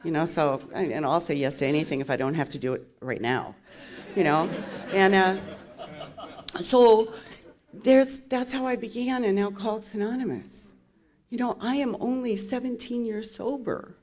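A woman's voice: mid-range voice, normal speed, darkish tone. Candid woman in her fifties telling her story. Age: 50s. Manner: candid, storytelling with wry laughs. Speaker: speaker sharing her recovery story. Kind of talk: personal testimony.

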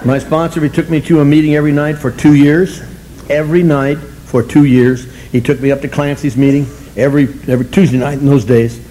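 A man's voice: a little high, level tone, a little fast, warm tone, slight background noise, rough recording. An older man speaking to a recovery meeting audience, blunt and self-mocking, chuckling as he tells his story. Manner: wry, self-mocking humor, chuckling often; blunt, colorful language.

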